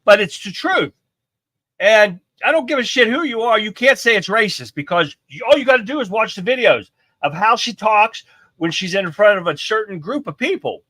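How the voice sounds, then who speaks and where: A man's voice: high-pitched, lively intonation, moderate pace, bright, forceful tone, no echo. A middle-aged man hosting a live stream, giving blunt, profane political commentary and reading viewer comments aloud.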